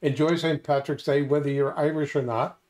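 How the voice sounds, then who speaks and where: A man's voice: a little high, steady tone, fairly quick, a little mellow. An older man co-hosting a casual chat, steering the talk with many hesitations. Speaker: co-host.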